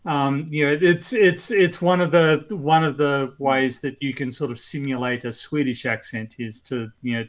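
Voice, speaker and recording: A man's voice: medium pitch, steady tone, moderate pace, hardly any pauses. A man co-hosting a podcast, sharing trivia in casual chat, hesitant and full of "uh" and "so". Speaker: podcast co-host.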